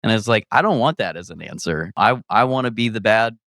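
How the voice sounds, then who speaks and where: A guest comedian talks candidly in a casual conversation, his voice on the low side and fairly quick, recorded cleanly in a studio with no echo. He's reflective and rambling, restarting sentences, laughing often and quoting himself in a lively way.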